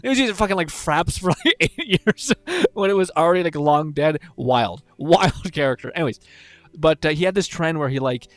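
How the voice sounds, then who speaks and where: A man's voice: on the high side, expressive, normal speed, no room sound. A young man streaming, rambling and swearing casually while reading chat, laughing often.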